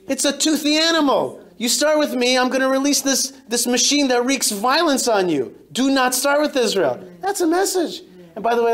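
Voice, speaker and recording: A rabbi addresses a synagogue crowd in a fairly high voice. His storytelling is emphatic and lively, with sentences that stop and restart. He speaks to the room as he would at a live talk. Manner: animated, emphatic storytelling with frequent self-interruptions. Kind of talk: speech to a synagogue audience. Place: synagogue hall.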